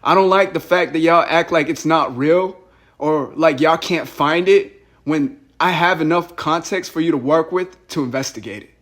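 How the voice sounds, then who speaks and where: An agitated young man ranting on a phone call, with a fairly high voice. He rambles and repeats himself, pushing hard to be heard. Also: normal speed, a bit bright. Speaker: caller.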